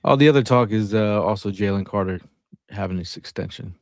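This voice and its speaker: A man's voice: on the low side, fairly quick, a little mellow, no room sound, studio quality. A man hosting a live sports talk stream, chatting casually and reading out viewer comments. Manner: laid-back, reads out chat comments. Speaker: podcast host. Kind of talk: casual chat.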